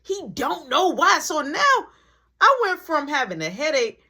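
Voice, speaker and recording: A young adult woman telling a story in a storytime vlog, slangy and animated, acting out every part. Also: high-pitched, a little slow.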